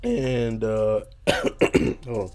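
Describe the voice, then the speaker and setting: Hoarse man rambling through a story. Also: lowish voice, sing-song, drawn-out words, darkish tone. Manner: rambling, laughing, peppers talk with "you know what I'm saying". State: hoarse, just woke up. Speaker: podcast host. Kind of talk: casual storytelling monologue.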